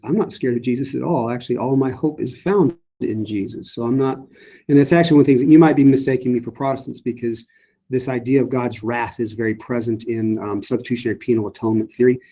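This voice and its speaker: A man's voice: medium pitch, warm tone. A middle-aged man, a priest, leading a casual Bible study and answering viewer questions with frequent fillers and restarts. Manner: conversational, many fillers and restarts.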